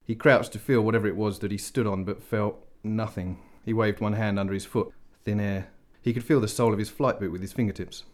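Low-voiced man narrating a story. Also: fairly even intonation, fairly quick, hardly any pauses. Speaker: audiobook narrator. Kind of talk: scripted narration.

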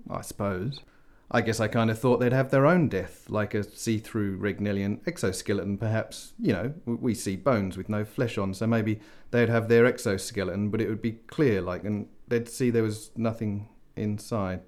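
A man's voice: on the low side, normal speed, darkish tone, lightly acted. Man doing an indignant young dead pilot. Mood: hesitant. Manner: incredulous, exasperated.

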